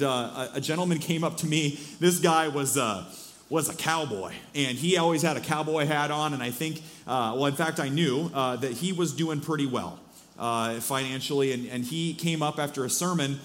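Man, pastor, sermon, conversational, fillers and restarts, church, mid-pitched. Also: normal speed, fairly bright tone.

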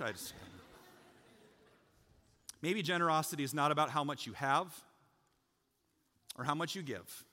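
Bright-voiced male pastor preaching in a church. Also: on the high side, moderate pace, pauses often, long reverb tail. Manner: conversational, jokes with the congregation, builds to loud emphatic peaks. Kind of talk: sermon. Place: church sanctuary.

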